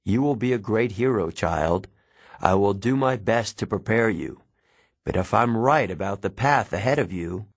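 Man doing an old centaur mentor, gentle, measured, low voice, husky. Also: expressive, dry recording. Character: older male centaur teacher, kindly, grave.

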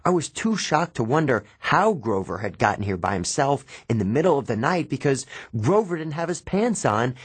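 Husky man narrating an audiobook. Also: mid-range voice, big pitch swings, moderate pace, hardly any pauses, dry recording. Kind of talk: first-person audiobook narration.

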